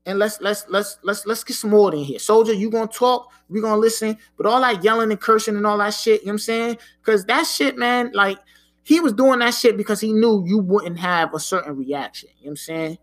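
High-voiced man talking frank street talk. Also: fairly quick. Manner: frank, profane street talk with frequent "you know what I'm saying". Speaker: podcast host. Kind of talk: casual solo talk.

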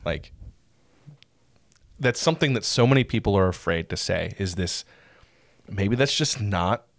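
Man, host, casual chat, reflective, encouraging, lowish pitch. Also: animated, a little slow, vocal fry, dry recording, studio quality. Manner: encouraging, reflective, some stammered restarts.

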